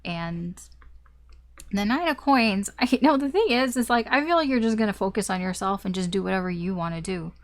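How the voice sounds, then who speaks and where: A woman's voice: mid-range voice, lively intonation, fairly quick. Chatty woman giving a casual tarot reading. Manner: chatty, rambling, with fillers and mild swearing. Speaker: tarot reader.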